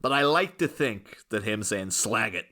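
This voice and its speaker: A man's voice: fairly low pitch, expressive, normal speed, pushed and bright. English man rambling in casual podcast chat. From England. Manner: rambling, chuckles often, restarts. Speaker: podcast co-host.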